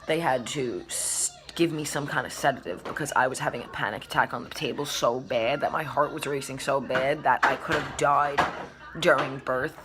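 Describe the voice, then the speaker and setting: Low-voiced woman telling a lively story. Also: moderate pace, background noise. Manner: animated, acts out quotes, swears casually. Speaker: vlogger. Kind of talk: casual storytime chat.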